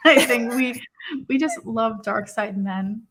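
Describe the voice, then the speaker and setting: A young woman hosting a casual podcast chat, excitable and chatty, often breaking into laughter. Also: a little high, slow pace. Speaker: podcast host.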